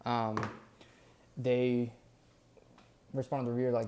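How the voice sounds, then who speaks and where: A man's voice: mid-range voice, flat delivery, moderate pace, long pauses, warm tone, smooth. A young man talking through his day in a casual vlog, rambling and candid with lots of fillers. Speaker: vlogger documenting his days.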